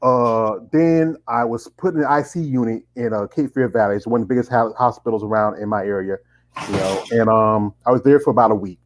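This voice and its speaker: A man's voice: on the low side, steady tone, fairly quick, low-quality recording. A man, hosting a casual interview and rambling with many restarts. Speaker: interviewer host.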